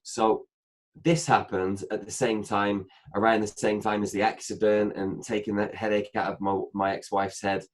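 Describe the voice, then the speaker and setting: A man's voice: on the low side, normal speed. A man, a guest in a casual interview, telling a long story and acting out the dialogue. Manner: animated anecdote-telling, acting out dialogue with many "I said" asides.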